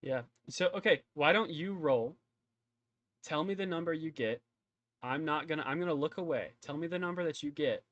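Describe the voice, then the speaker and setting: A man running a tabletop game as game master, relaxed and joking with his players. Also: a little high, normal speed, no room sound, highs cut off.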